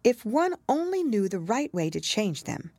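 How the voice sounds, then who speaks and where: A polite, curious storybook girl, as a woman reading aloud puts her on, earnest and a touch timid. Her lines rise well above the reader's low voice and bounce lively. The sound is close and dry. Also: moderate pace, no room sound.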